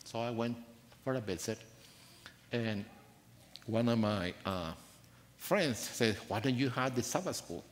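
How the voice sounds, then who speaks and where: A man delivers a sermon in a church sanctuary, speaking softly and earnestly at a middle pitch. His voice rings out with a long reverb off the hall. Now and then he leans into his words with rising emphasis. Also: measured pace, long pauses. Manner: soft-spoken, earnest storytelling with rising emphasis. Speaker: preacher.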